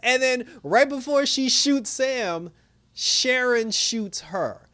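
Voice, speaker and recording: A man giving a casual, rambling recap and review of a TV episode, excitable, with lots of fillers and laughing. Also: very high voice, slow pace. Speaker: show reviewer.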